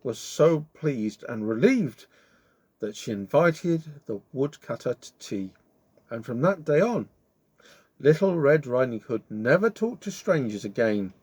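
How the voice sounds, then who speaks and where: A man telling a children's story with lots of expression and a lively, swooping pitch. The sound is dry and close, with no room echo. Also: measured pace.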